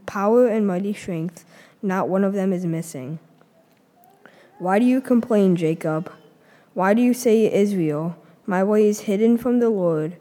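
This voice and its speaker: A woman reading a scripture passage aloud in church. She reads in a measured, earnest way with a few small stumbles. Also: medium pitch, mellow, big-room sound. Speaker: scripture reader.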